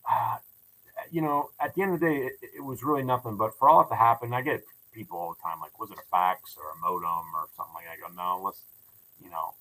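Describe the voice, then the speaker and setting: Bright-voiced man telling a story. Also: fairly low pitch, rough recording. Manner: animated storyteller with many restarts. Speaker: building owner and ghost tour operator. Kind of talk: casual podcast interview.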